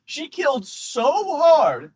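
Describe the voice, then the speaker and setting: A comedian chatting on a podcast, telling a rambling, animated story and breaking into laughter. His voice sits high for a man, and the sound is close and dry. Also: takes it slowly, no room sound. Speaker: comedian guest. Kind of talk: casual chat, storytelling.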